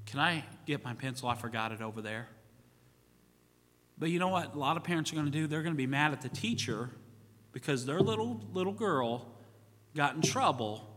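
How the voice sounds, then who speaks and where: Bright-voiced pastor preaching in a reverberant church. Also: male voice, mid-range voice. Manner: folksy, repeats "you know what?", acts out quoted voices. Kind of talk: sermon. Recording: church sanctuary with long reverb.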